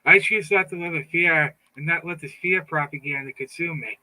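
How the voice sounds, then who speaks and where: A man's voice: on the high side, normal speed, pushed and bright, poor audio. A middle-aged man giving a fired-up, taunting political monologue, often stumbling and repeating words. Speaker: political commentator. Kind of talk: casual monologue.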